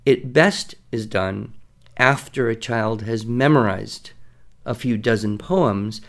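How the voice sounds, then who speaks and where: Gravelly man explaining poetic meter. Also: mid-range voice, a bit bright. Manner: explanatory, recites verse slowly and rhythmically. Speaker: podcast co-host teaching writing. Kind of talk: conversational teaching.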